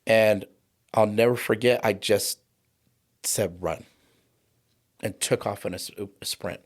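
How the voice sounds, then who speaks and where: This man in his forties, a trauma coach appearing as a guest on an interview show, speaks at a measured pace in a lowish voice with fairly even intonation. He recounts a personal story vividly, acting out the voices of those involved.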